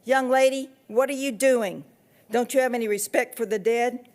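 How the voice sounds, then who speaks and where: A woman voicing a stern male hearse driver who scolds loudly. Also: mid-range voice, normal speed, natural voice. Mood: scolding. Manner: scolding, loud.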